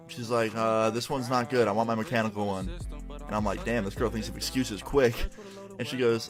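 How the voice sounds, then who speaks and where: A man's voice: mid-range voice, fairly quick, over music. Young man animatedly retelling a school story. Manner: acts out quoted voices in an animated retelling. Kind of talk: casual storytelling.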